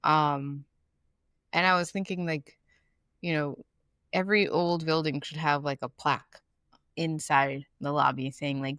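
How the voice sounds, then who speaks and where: Woman co-hosting a podcast. Chatty, thinks aloud. Slightly low voice, dry close mic. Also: steady tone, measured pace, pauses often, fairly bright tone, dry recording. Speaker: podcast co-host. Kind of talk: casual chat.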